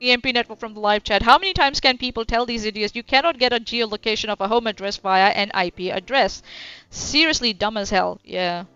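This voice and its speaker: A woman's voice: fairly high pitch, brisk, sharp tone, clear, resonant tone, no room sound. A woman streaming casual reaction commentary, blunt and sarcastic, swearing freely. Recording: dull lo-fi stream audio with faint music.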